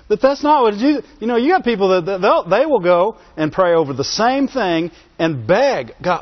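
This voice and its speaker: A man preaching a sermon in a fairly high voice. He calls out "Amen?" to the congregation and repeats phrases to drive his points home. The recording sounds dull and lo-fi. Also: big pitch swings, moderate pace. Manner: asks the congregation for call-and-response "Amen?"; repeats phrases for emphasis and chuckles between points.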